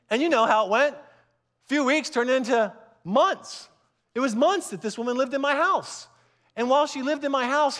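A man's voice: very high-pitched, fairly bright tone. A man in his fifties, a pastor giving a conversational, earnest sermon with frequent restarts.

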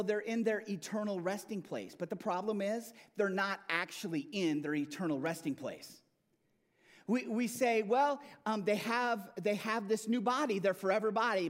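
A man preaches with a light, high voice that climbs and drops dramatically. He presses his points with emphatic bursts and often repeats words as he restarts a phrase. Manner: animated, emphatic preaching with rising and falling intensity. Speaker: pastor. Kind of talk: sermon.

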